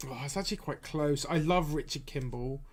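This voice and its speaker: A man's voice: on the high side, brisk. A man hosting a live-stream film vote, chatting casually and laughing often.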